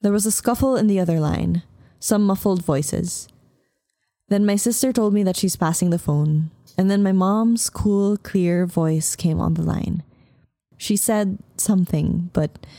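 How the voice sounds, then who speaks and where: Mellow-voiced woman narrating. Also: on the low side, dry recording, studio quality. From Philippines. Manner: measured, emotive first-person reading. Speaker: audiobook narrator. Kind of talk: audiobook narration.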